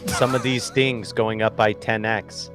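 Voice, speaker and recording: A man's voice: on the low side, flat delivery, unhurried, over music. A male podcast co-host in casual chat, delivering a tongue-in-cheek rallying speech. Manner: mock-inspirational rallying speech.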